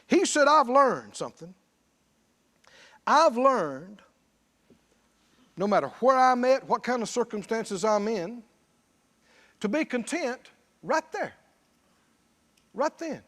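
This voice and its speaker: A man delivers a sermon in an unusually high voice. His preaching is emphatic, swinging between shouted lines and low, quiet stretches. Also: sing-song, takes it slowly, pauses often. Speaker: pastor.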